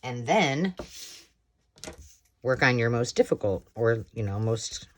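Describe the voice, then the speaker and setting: Slightly hoarse American woman, middle-aged, rambling craft chat, faint clicks behind. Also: rumbling low, lively intonation, slow pace, slight background noise. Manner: chatty, rambling, self-talk while working. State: slightly hoarse, frog in throat. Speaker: crafting tutorial host. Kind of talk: casual craft tutorial chat.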